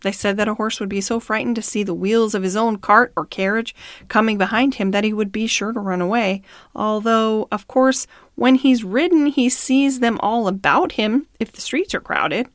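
A woman reading as a calm steady horse. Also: mid-range voice, moderate pace, dry recording, clean studio sound, lightly acted. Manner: calm, even-tempered. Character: calm steady male roan cob horse.

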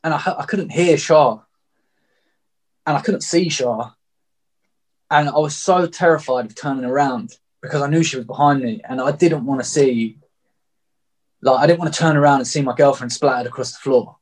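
A man's voice: mid-range voice, normal speed, pauses often. A young man recounting a story in loose, blunt, casual talk, swearing freely and leaning on filler words. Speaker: guest telling a story.

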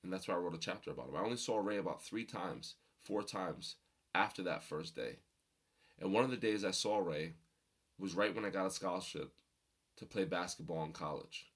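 A young man telling personal stories to an audience, animated and humorous, building to emphatic points. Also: low voice, a little fast, husky. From New Jersey. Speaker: motivational storyteller. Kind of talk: storytelling talk to an audience.

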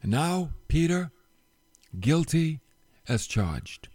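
A man preaching a sermon, retelling a Bible story with animated storytelling and rhetorical questions, going low and soft at solemn moments. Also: slow pace, slightly rough, dry recording, studio quality. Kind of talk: sermon podcast.

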